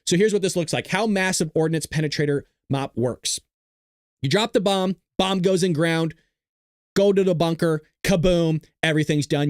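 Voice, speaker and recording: A man with a fairly high voice hosts a live-streamed political commentary show, swinging between excitable play-by-play, jokes, and combative jabs aimed straight at his chat. He's close to the mic, and the sound is dry and deadened with no room echo.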